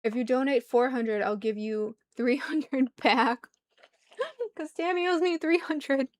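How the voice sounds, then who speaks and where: A woman's voice: sits high, a little slow, darkish tone, no echo. A woman co-hosting a livestream in casual chat, making dry, wry remarks and reading donations aloud. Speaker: livestream co-host.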